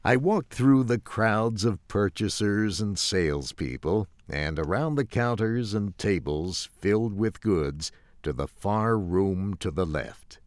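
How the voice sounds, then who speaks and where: A man narrating a story slowly and clearly for English learners, in a measured, carefully enunciated way. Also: lowish voice, expressive, no echo, studio quality.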